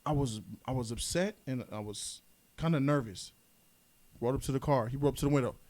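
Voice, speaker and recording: He's a fast-talking podcast host with a mid-range voice, telling a story in relaxed chat. Animated throughout, he plays the people in the tale and acts out what they said.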